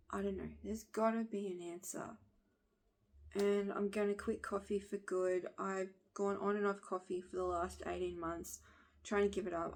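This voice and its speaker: A woman in her thirties with a husky voice, bluntly venting her frustration to the camera and swearing along the way. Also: medium pitch. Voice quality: husky smoker-like voice. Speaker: vlogger.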